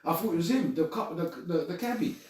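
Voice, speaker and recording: A man with a fairly high voice hosts a loose, sweary chat, laughing and stumbling over his words as he tells stories. He sits back from the mic in a very echoey room. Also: lively intonation, quick pace, distant mic. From Britain. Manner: sweary, laughing, stammering storyteller. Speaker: podcast host. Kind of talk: casual group chat.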